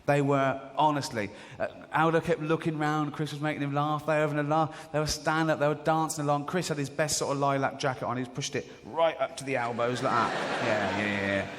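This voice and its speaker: An English stand-up comedian performs on stage in a large theatre, telling chatty stories and slipping into other people's voices to act out characters. His voice is fairly high and fairly bright, with fairly even intonation, a brisk pace and few pauses. The live recording carries theatre reverb, faint crowd ambience and slight background noise.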